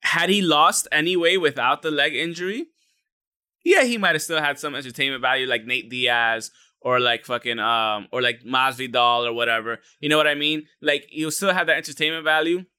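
A man's voice: medium pitch, fairly quick, bright, forceful tone, smooth, no echo, clean studio sound. A man co-hosting a podcast, chatting casually about fighting with loose, profane, rambling talk full of fillers. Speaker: podcast co-host. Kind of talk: casual sports chat.

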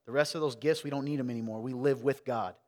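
A man from the South, preaching a sermon and quizzing his congregation, swinging between loud emphasis and hushed asides. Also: mid-range voice, fast talker, big-room sound. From American South. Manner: energetic, questioning the crowd, wide swings from loud to hushed. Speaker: pastor. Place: church sanctuary.

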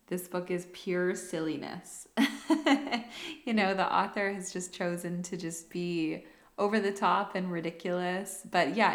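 Female host; slow and unhurried, low gravelly voice, laughs a lot. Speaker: podcast host. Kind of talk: casual chat.

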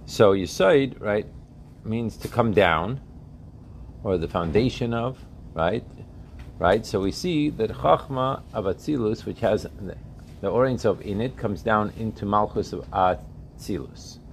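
A man's voice: on the low side, expressive, unhurried, a little hiss or hum. A man teaching a religious text class, often asking his students questions and checking that they follow.

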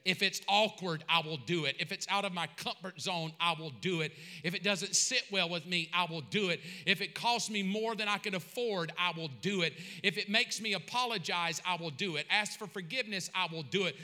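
A man preaching a sermon with a high, bright voice. He is passionate and dramatic and acts out his prayers aloud. Long reverb fills the large church hall around him. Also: a little fast, few pauses.

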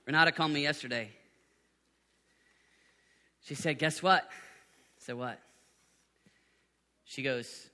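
A middle-aged man preaching to a youth conference, animated, swinging from hushed tones to shouts. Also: fairly high pitch, slow pace, pauses often. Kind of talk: sermon. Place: conference venue in Birmingham, Alabama.

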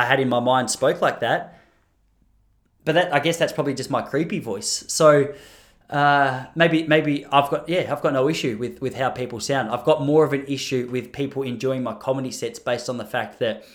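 A man riffing in a loose comedic monologue. He rambles with a self-deprecating tone, often trailing off and starting sentences again. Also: a little high.

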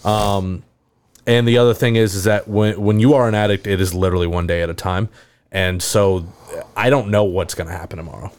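A very deep-voiced man talks on a podcast in a loose, conversational way. He is candid and plain-spoken, stumbles through restarts and drops the occasional curse. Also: fairly even intonation, a little fast, a little mellow, clean tone. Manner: candid, talks of his own sobriety with frequent restarts and swearing. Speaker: podcast host.

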